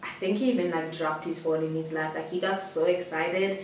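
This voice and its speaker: A woman's voice: low voice, steady tone, a little fast. A young woman from South Africa telling a personal story to camera, rambling and giggly, with many "like" fillers. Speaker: vlogger. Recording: roomy echo, distant mic, faint hiss.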